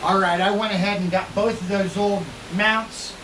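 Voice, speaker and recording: A man's voice: sits high, steady tone, normal speed, over loud music, rough recording. A man hosting a casual workshop vlog from his small home garage, joking and easygoing, with the odd curse word. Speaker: garage channel host.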